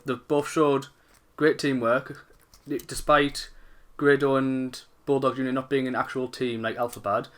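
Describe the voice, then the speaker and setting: A man's voice: mid-range voice, fairly bright tone. A man giving his casual opinion on a wrestling match, hesitant and restarting his sentences. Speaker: guest reviewer.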